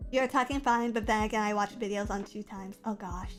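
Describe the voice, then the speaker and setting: A woman's voice: mid-range voice, steady tone, brisk, hardly any pauses. A young woman streamer chatting casually and playfully, with lots of silly vocal play. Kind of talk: casual chat. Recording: faint music behind.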